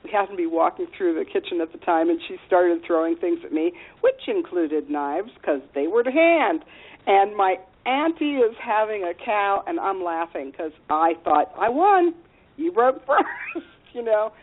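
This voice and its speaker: A woman's voice: on the low side, moderate pace. Frank woman telling stories over a phone line. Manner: frank and animated, with many fillers. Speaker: interview guest. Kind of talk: candid personal storytelling. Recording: phone-like radio interview line.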